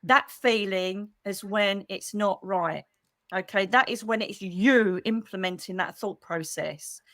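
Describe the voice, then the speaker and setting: A woman's voice: mid-range voice, slow pace, no echo, clean studio sound. A middle-aged woman, a psychic medium chatting casually on a livestream, calling her viewers darling. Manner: chatty and animated, with pet names like darling. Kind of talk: casual livestream chat with members.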